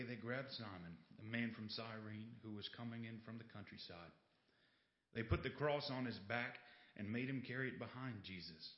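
A man reading scripture in a steady, measured way. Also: medium pitch, roomy sound, muffled recording. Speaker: scripture reader.

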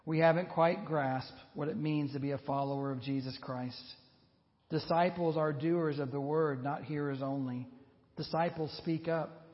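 Earnest pastor preaching in a reverberant hall. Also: male voice, a little high, fairly even intonation. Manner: earnest, measured preaching with slow emphatic pauses. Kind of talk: sermon. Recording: dull lo-fi sound with long reverb.

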